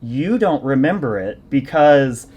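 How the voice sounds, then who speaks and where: A man's voice: mid-range voice, big pitch swings, measured pace, a little mellow, husky, dull audio. A man hosting a podcast, a fitness coach telling long self-deprecating stories in casual conversation. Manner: rambling, self-deprecating storytelling.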